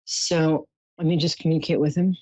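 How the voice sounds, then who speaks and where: A woman's voice: sits low, little pitch movement, fairly quick, dark tone, dry recording. A woman hosting a psychic call-in show, soothing and full of endearments as she gives readings. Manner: soothing, showers callers with endearments. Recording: dull lo-fi dry sound.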